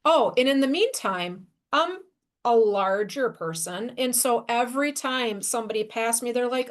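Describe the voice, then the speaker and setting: Podcast host, female, slightly high voice, animated self-deprecating storyteller. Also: normal speed. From Wisconsin, USA. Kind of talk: casual storytelling.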